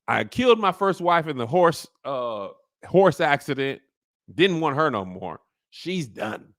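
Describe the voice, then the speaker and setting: A man's voice: on the high side, very animated, measured pace, fairly bright tone, no room sound, clean studio sound. A man voicing a distracted husband who shrugs off his responsibilities in an offhand, mumbling way. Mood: careless. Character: careless, distracted grown man, shrugging off blame.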